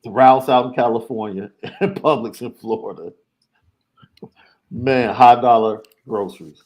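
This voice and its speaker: A man co-hosting a casual sports talk show, measured, repeating his points for emphasis. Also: mid-range voice, darkish tone. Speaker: podcast co-host, recruiting analyst.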